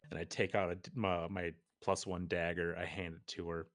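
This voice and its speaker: A man with a very low voice talks through his character's moves at a tabletop game. He speaks casually and haltingly, pausing and restarting as he plans. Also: flat delivery, fairly bright tone. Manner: casual, halting, describes actions. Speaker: player. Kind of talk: tabletop role-play chat.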